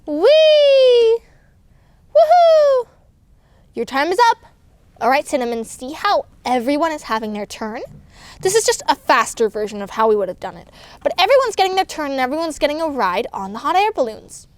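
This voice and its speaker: A woman narrates a doll story aloud, playfully voicing every toy herself with lots of animation. Her very high, girlish voice swoops up and down as she jumps between characters, and she speaks a little fast in a dry recording.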